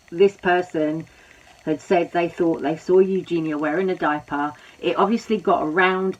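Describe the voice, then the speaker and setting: A woman hosting a commentary video, speaking sympathetically and rambling with many "you know" fillers. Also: lowish voice. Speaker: commentary host. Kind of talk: commentary talk. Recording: dull lo-fi audio.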